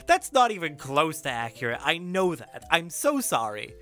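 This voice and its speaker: Pacific northwest lady playing a game, self-deprecating, jumpy lively pitch, faint game music under her. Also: moderate pace. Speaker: let's play host. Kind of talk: gaming commentary.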